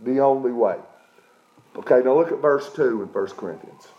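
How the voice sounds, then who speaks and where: A man's voice: mid-range voice, lively intonation, normal speed, dark tone, roomy sound, muffled recording. A middle-aged man preaching a sermon as pastor, emphatic, often checking in with his listeners. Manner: emphatic preaching with repeated "okay?" check-ins.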